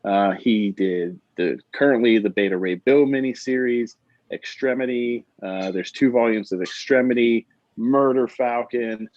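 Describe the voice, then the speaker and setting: A man co-hosting a comics podcast, talking casually and excitably, with lots of fillers and easy laughs. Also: medium pitch, a little slow, dry recording. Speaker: podcast co-host. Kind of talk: casual chat. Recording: dull dry lo-fi sound.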